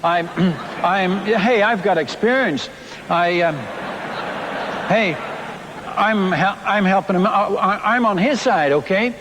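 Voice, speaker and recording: Man, missionary preacher, high voice, folksy storytelling, lots of restarts, long hall echo. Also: takes it slowly, a little hiss or hum. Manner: animated, folksy, repeats himself with restarts. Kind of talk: storytelling sermon.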